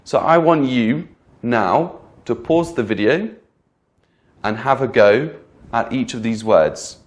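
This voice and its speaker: A man teaching English pronunciation in a clear, patient lesson, repeating example words and checking in with the learner. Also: mid-range voice, lively intonation, takes it slowly. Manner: patient, repeats each example word twice; addresses the learner directly with frequent "okay?". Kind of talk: slow, clear instructional lesson.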